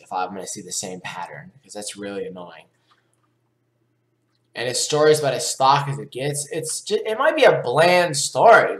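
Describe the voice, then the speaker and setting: Guy reading an article and arguing back at it, annoyed, kinda echoey room. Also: mid-range voice. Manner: indignant, arguing back at the text. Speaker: gaming YouTuber. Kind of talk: reaction commentary reading an article.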